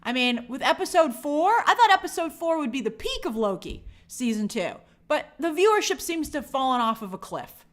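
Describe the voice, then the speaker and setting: High-voiced lady host ranting about tv, sarcastic, voice jumps all over. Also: fairly quick. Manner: animated, sarcastic, exasperated asides. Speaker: show host. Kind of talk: casual opinionated commentary.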